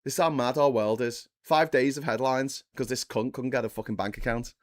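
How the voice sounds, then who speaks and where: A man's voice: medium pitch, steady tone, fairly quick, dry recording, studio quality. Sweary rambling man. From Liverpool, England. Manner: rambling, sweary, stammering restarts. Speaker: host. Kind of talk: casual live chat show.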